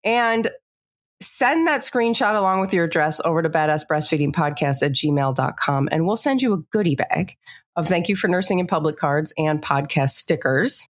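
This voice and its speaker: A woman co-hosts a podcast in an easygoing, conversational way. Her voice sits a little low, and she laughs off her own slips as she goes. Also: lively intonation, moderate pace. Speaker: podcast co-host. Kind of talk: casual podcast chat.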